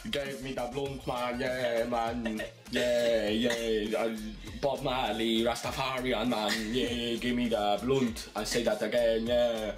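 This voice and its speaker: A man's voice: mid-range voice, level tone, takes it slowly, few pauses, over music, close to an everyday voice. A young man putting on a hammy, sing-song mock Jamaican accent. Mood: joking.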